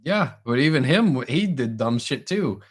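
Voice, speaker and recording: A man's voice: medium pitch, expressive, moderate pace, slightly rough. Stuffy-nosed young man, rambling podcast chat. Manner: rambling, chatty storyteller. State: stuffed-up nose. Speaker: podcast co-host. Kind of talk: casual chat.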